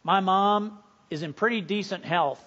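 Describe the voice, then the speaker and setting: A male pastor in his fifties preaching a sermon earnestly, building louder and higher on key points. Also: a little slow, highs cut off.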